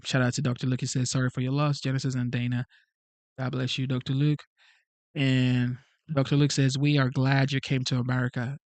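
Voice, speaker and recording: His voice is mid-range and a little mellow, recorded with no room sound. He's an immigrant whose first language isn't English, hosting a relaxed livestream and reading the chat aloud, earnestly pleading and repeating himself.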